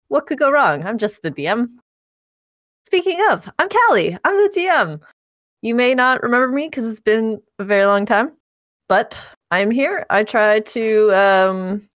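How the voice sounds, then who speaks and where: A woman's voice: medium pitch, dry recording, studio quality. A woman hosting as dungeon master, casually recapping the game with self-deprecating jokes, frequent laughs and many fillers.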